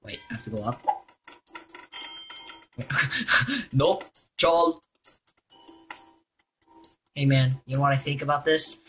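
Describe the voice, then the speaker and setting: A young man giving excitable, jokey commentary while playing a video game. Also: mid-range voice, slow pace, long pauses, faint music behind. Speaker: gaming YouTuber. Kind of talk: gameplay commentary.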